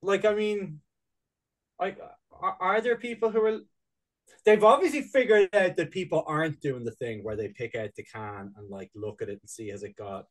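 A man's voice: fairly high pitch, normal speed, low-quality recording. A man in casual podcast chat, rambling and laughing, with frequent swearing. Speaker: podcast co-host.

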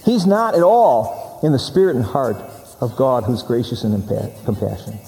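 A man's voice: medium pitch, moderate pace, dark tone, big-room sound. A man preaching a sermon, stressing and repeating key words as he teaches from scripture.

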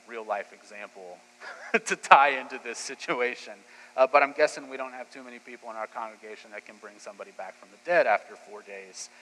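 Male pastor, sermon delivery, bright forceful tone, animated casual storytelling; echoey hall, faint hum. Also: medium pitch. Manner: lively storytelling retelling scripture in casual speech.

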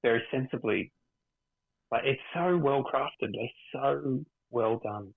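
A man co-hosting a casual chat about films, talking in a quick, wry, teasing way. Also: medium pitch, gravelly, breathy edge, no room sound. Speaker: podcast co-host. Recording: tinny phone-line sound.

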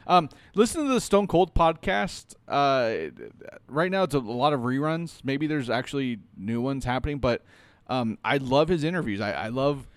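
A man co-hosting a podcast in casual chat, blunt and halting, swearing casually. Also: mid-range voice, expressive, clear, resonant tone, no echo. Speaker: podcast co-host. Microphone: headphones and studio mic.

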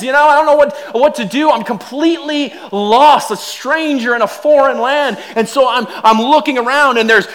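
A man preaching a sermon, animated and self-deprecating, telling funny everyday stories and often repeating words. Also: extremely high pitch. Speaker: pastor. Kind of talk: sermon with humorous storytelling.

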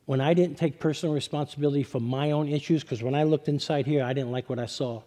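A middle-aged man with a New York accent, a pastor telling his testimony to a congregation, lively when joking and low and quiet when serious. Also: fast talker. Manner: animated storytelling, turning low and quiet for serious parts. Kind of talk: sermon testimony.

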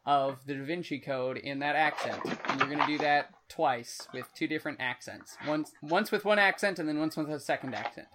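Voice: medium pitch, moderate pace, hardly any pauses, heavy background noise. A podcast co-host bantering playfully and teasing the other host. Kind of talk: casual banter.

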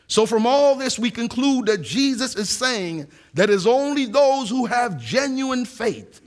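Man, pastor, high voice, earnest sermon, rhetorical questions, scripture reading. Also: very animated. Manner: reads scripture aloud, slowing for emphasis.

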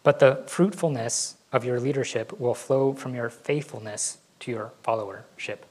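A man's voice: medium pitch, normal speed, a little mellow, low-quality recording. A male pastor giving a conversational sermon, laughing now and then and acting out what his kids say. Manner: conversational, laughs often, acts out kids' voices.

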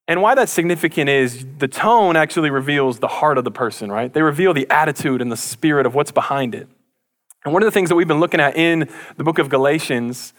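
A man preaching a casual, conversational sermon to his church, joking with the crowd and acting out little voices. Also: medium pitch. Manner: conversational, jokey, animated impressions. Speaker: pastor.

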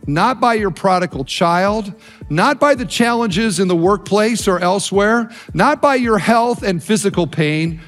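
A man's voice: high-pitched, expressive, measured pace, fairly bright tone, faint music behind. A man preaching a sermon as a pastor, telling stories with animation and urging his listeners on.

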